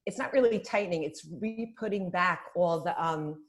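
A woman guest on a casual podcast chat who explains things in an emphatic, animated way. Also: fairly low pitch, moderate pace. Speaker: guest, spa business founder.

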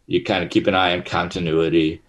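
In a casual interview, a middle-aged actor serving as guest tells rambling stories packed with fillers and restarts. His low voice is brisk and a bit bright with little pitch movement, and the audio sounds dull.

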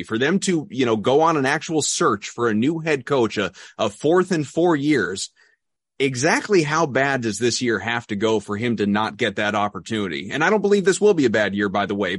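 A man's voice: medium pitch, a bit bright, breathy edge, dry recording, studio quality. A man hosting a casual sports podcast, often restarting phrases while he builds a question. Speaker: podcast host.

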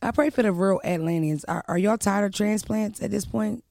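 A young woman hosting a casual podcast chat, loud, brash and profane, with animated whoops. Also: mid-range voice, moderate pace, vocal fry, no echo. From Philadelphia. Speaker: podcast host.

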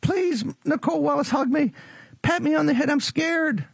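A man doing a scared, whining grown man in a squeaky falsetto, begging to be comforted. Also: normal speed, gravelly, dry recording, studio quality. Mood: whimpering. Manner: whiny, mocking falsetto.

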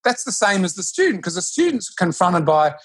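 A man who teaches yoga, speaking in a relaxed conversation and often restarting his sentences or acting out quotes. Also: high-pitched, brisk, breathy edge. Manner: animated, with frequent restarts and acted-out quotes. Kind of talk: casual conversation.

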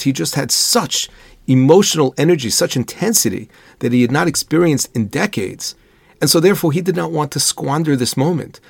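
A man's voice: fairly high pitch, vocal fry, no echo. A man giving an earnest, thoughtful Torah lecture, explaining ideas with Hebrew and Yiddish terms. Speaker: rabbi giving a Torah lesson.

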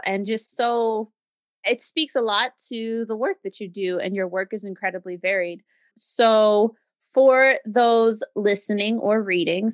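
A woman's voice: medium pitch, dry recording. A woman podcast host asking her guest questions in an affirming, responsive way. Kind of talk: interview questions.

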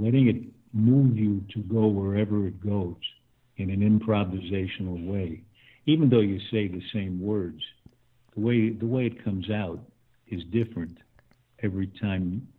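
Older male guest, husky low voice, reflective and chuckling, over a tinny phone line. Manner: thoughtful, chuckling, with restarts. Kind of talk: conversational interview.

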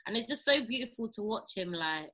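Woman guest telling a story, mid pitch, fond and laughing. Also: animated, fairly quick, bright, forceful tone, poor audio. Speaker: sketch comedy actor, podcast guest. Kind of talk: casual podcast chat.

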